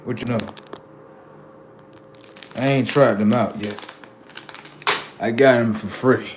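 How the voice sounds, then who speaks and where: A man's voice: medium pitch, steady tone, takes it slowly, noisy background. A man on a live stream, chatting casually and swearing, then lecturing his viewers insistently about number codes.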